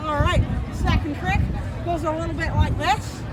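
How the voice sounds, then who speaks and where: A street performer playing an overeager, chirpy woman reporter from Canada, chatting with passersby and cheering loudly at an outdoor festival. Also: high voice, fairly even intonation, moderate pace, lightly acted, poor audio. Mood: cheery. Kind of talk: comic street show banter. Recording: loud crowd and street noise outdoors.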